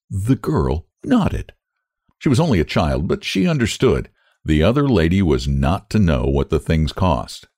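Low, expressive male storyteller. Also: dry recording, studio quality. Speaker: audiobook narrator. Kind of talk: storybook narration.

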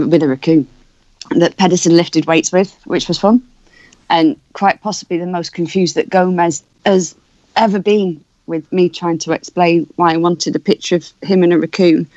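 Woman, podcast co-host, playful brisk storyteller, dry close recording, slightly dull sound. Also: lowish voice, fairly even intonation, mellow, no room sound. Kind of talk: casual anecdote.

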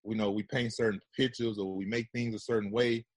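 A man's voice: on the low side, level tone, fairly quick, no room sound. A man telling stories about fatherhood in laid-back, slangy casual chat, often tagging on "you know what I'm saying.". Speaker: guest.

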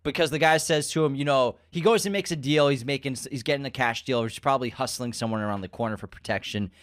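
A man co-hosting a casual podcast, recapping a movie scene by scene, joking and swearing in relaxed bro talk. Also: medium pitch, fast talker. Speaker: podcast co-host.

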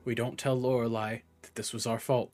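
A sheepish adventurer, as a man plays him, quiet and halting, with words that drop low and mumble. Faint music plays behind him. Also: flat delivery, no room sound, close to an everyday voice. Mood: conspiratorial.

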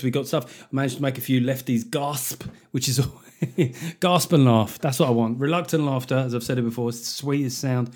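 A man's voice: mid-range voice, steady tone, brisk, darkish tone. A British man hosting a podcast, talking casually and sardonically, with a chatty flow and free swearing. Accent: British English. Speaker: podcast host. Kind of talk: casual comedic monologue.

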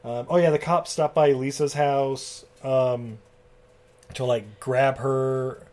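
A man's voice: medium pitch, steady tone, slow pace, a little mellow. Rambling, profane man recapping a film. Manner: rambling, profane, laughs often. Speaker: podcast co-host. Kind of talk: casual chat recapping a film.

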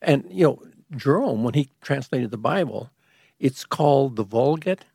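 A man talks through an explanation in a measured way, pausing and restarting as he goes. His voice is gravelly with a husky edge. It is recorded dry and close. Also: mid-range voice, lively intonation, darkish tone, dry recording. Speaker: guest expert on liturgy. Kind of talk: explanatory conversation.

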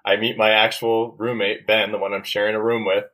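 A young male co-host chats on a podcast and tells stories about his old roommate with a playful, teasing edge. His voice sits on the low side. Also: flat delivery, brisk, sharp tone, poor audio. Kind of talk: casual podcast chat.

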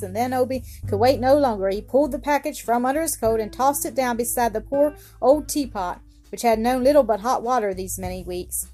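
A woman narrating a children's story gently and expressively. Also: on the high side, brisk, hardly any pauses, faint music behind.

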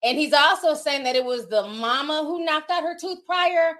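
A woman hosting a casual gossip livestream, talking to her chat in an animated, chatty way. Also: high voice, moderate pace. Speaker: streamer. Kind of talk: casual celebrity gossip stream.

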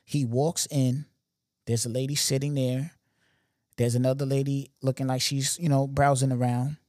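A man's voice: mid-range voice, moderate pace, dry recording. A young man talks through a story on his podcast in a loose, emphatic and slangy way, often turning to the listener with asides. His voice sits in an ordinary middle range. The recording is dry, with no room sound. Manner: animated, slangy, emphatic retelling with repeated asides. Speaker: podcast host. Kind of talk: casual storytelling monologue.

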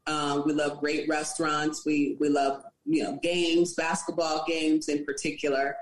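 A woman's voice: deep voice, flat delivery, a little slow. A woman in her fifties, a podcast guest, speaking confidently and teasing playfully. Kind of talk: casual interview chat. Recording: echoey room with crowd noise.

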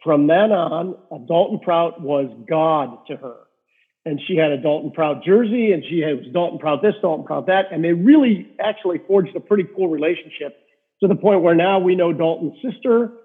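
A middle-aged man with a husky, slightly high voice tells rambling stories as a guest, leaning on fillers as he goes. He is a rink-side hockey reporter, and he comes through a tinny, phone-like line. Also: moderate pace. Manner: rambling anecdotes with many fillers. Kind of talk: casual storytelling interview.

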